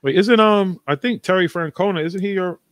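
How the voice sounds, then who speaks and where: A man's voice: sits high, brisk, fairly bright tone, no echo. Profane rambling New man. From New England. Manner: rambling, profane, restarts a lot. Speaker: livestream host. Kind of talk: casual chat.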